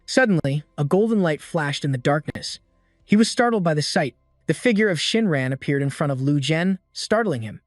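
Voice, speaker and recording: A man narrating a comic story recap in a steady storytelling manner. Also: on the high side, fairly quick, no echo, clean studio sound. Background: faint background music.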